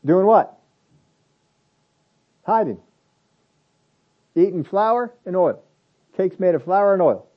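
A man's voice: sits high, animated, slow pace, long pauses. Emphatic preaching man, lo-fi. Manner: conversational, rising to emphatic lists. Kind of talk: sermon.

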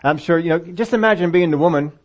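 A man's voice: fairly high pitch, fast, muffled recording. A man preaching a sermon in a conversational way, acting out the voices of the story's people for a congregation with children present. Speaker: pastor. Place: church sanctuary with children present.

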